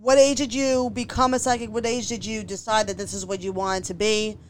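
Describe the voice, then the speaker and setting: A woman's voice: mid-range voice, little pitch movement, a little fast, slight background noise. A woman hosting a casual interview, asking questions loosely with filler words. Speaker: interview host.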